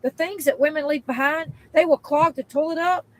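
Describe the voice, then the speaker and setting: Fed-up woman with a high voice, cursing through an angry rant with shrill bursts. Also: steady tone, a little fast, no room sound, rough recording. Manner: profane, exasperated, emphatic; spikes into loud high outbursts. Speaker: worker venting in a video clip.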